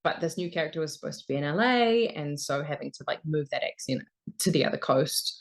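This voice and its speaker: A woman's voice: deep voice, animated, a little fast, gravelly. A young woman from New Zealand, a voice actor, chatting casually in an interview and laughing often. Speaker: voice actor guest.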